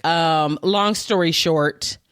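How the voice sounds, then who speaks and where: A woman's voice: low voice, takes it slowly, dry recording, studio quality. A woman co-hosting a podcast, retelling gossip in a casual, slangy way and quoting people as she goes. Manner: animated storytelling, quoting others, slangy. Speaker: podcast co-host.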